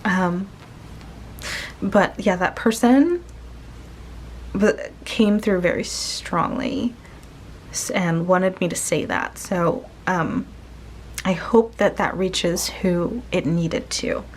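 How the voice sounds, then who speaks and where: A woman giving a casual spoken tarot reading to her viewers, gentle and searching, pausing often and restarting her sentences. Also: fairly low pitch, slight background noise. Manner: slow, gentle, searching, with many pauses and restarts. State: tearful, emotional. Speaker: tarot reader.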